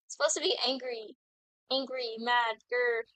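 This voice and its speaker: A woman's voice: fairly high pitch, normal speed, pushed and bright, dry recording, poor audio. A young woman streaming a game, chatting casually and giddily to herself and her chat as she plays. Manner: giddy, rambling, talks to herself while playing.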